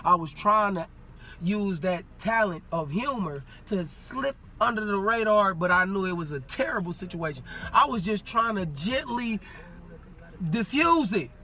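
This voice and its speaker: A man tells a story in a loose, casual way, full of slang. He acts out what others said, in a high, bright voice. A faint hiss sits under the recording. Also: unhurried. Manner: animated, acts out quoted dialogue, street slang. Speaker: podcast guest.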